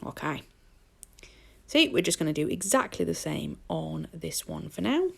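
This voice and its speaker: A woman's voice: lowish voice, big pitch swings, normal speed, creaky. A woman narrating her nail art tutorial, chatty and self-mocking with rambling asides. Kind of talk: casual voice-over tutorial.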